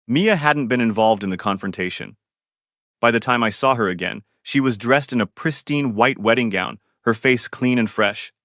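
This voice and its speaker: A man narrating a first-person drama story in a calm, even scripted reading. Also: mid-range voice, normal speed, dry recording, clean studio sound.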